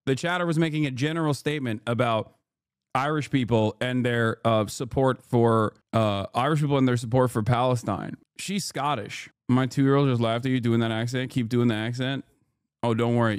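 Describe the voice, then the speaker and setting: A man's voice: mid-range voice, steady tone, clear, resonant tone, dry recording, clean studio sound. A man streaming and reacting to clips in casual, profane, sarcastic commentary. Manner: profane, sarcastic, quick asides.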